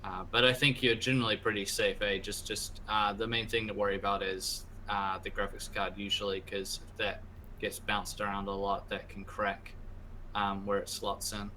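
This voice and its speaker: Relaxed Kiwi guest, slightly low pitch, bright edgy tone, plain tech talk. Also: male voice, moderate pace, slight background noise, rough recording. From New Zealand. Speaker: guest co-host. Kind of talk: casual tech podcast chat.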